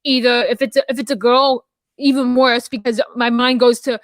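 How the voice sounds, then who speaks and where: A young woman in casual podcast chat, her voice fairly high and her talk rambling with restarts and fillers. The sound is dry and close to the mic. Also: steady tone, moderate pace, no echo. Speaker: podcast co-host and theater dramaturg.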